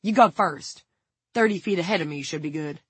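A man's voice: fairly high pitch, a little fast, a bit bright, husky, no room sound. A woman voicing a cool, calculating male insurance man with a dry, clipped manner. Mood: curt.

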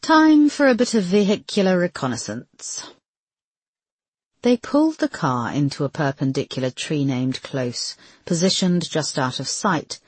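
Woman reading a crime novel aloud, low husky voice, dry close sound. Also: no room sound. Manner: measured, expressive reading. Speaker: audiobook narrator. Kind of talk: scripted narration.

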